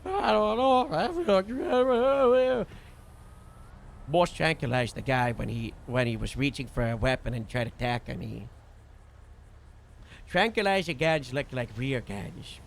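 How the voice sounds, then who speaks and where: A man casually recounting a role-play shift as a streamer, rambling with lots of fillers and animated bursts. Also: medium pitch, normal speed, vocal fry, slight background noise. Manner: rambling, full of "you know" and "like" fillers; animated retelling with sudden loud bursts. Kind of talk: casual storytelling recap.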